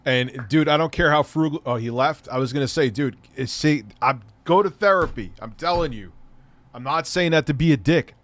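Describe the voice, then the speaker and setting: A man co-hosting a heated online interview who speaks in a halting, hedging, uneasy way. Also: mid-range voice, fairly bright tone.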